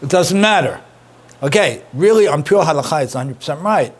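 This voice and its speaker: Man, middle-aged, rabbi, teaching a class, lively, repetitive, encouraging, slightly high voice. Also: fairly quick, slightly rough. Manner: lively, repeats points, praises students' answers. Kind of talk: interactive Torah class.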